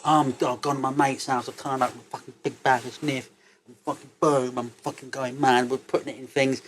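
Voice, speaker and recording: Male, 50s, interview guest; sweary, animated raconteur with faint background noise. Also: mid-range voice, fairly quick. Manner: swearing, animated, laughs through his stories. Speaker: interview guest, cannabis entrepreneur. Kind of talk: casual interview storytelling.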